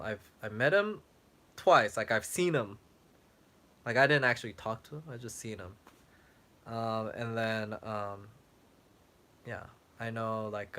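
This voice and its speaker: In a mid-range, slightly bright voice, a young man who travel-vlogs answers viewer questions during a casual livestream chat, using lots of fillers. He's losing his voice as it wears out, clearing his throat along the way.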